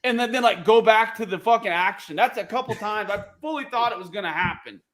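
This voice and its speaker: A man with a notably high voice riffs through casual podcast banter. He is opinionated, profane and animated, and he jumps from one take to the next. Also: a little fast. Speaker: podcast co-host. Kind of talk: casual chat.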